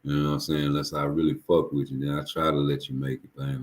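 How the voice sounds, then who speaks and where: A man with a very deep, low voice holds forth on a live stream. His talk is casual, profane and rambling. He restarts and repeats words as he goes. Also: flat delivery, quick pace.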